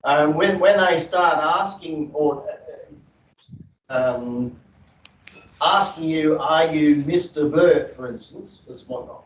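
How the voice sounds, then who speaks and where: A man with a raised voice speaks slowly, feeling his way through each question with fillers. He sits away from the mic, and the room echoes around him. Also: a little high, muffled recording. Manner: slow, hesitant questions with fillers. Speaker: interviewer. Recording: roomy, distant from the mic.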